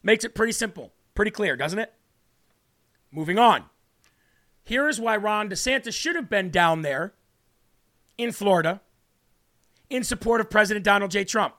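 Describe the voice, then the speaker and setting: A man with a high-pitched, animated, sharp voice hosts a political commentary show. He talks combatively and emphatically straight to viewers, slowing down to repeat key points.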